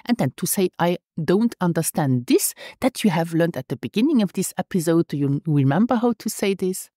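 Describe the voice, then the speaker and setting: Woman teacher, low voice, slow careful delivery, dry close mic. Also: expressive, warm tone, dry recording. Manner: slow, careful, repeats phrases for learners. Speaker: language teacher. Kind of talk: podcast language lesson.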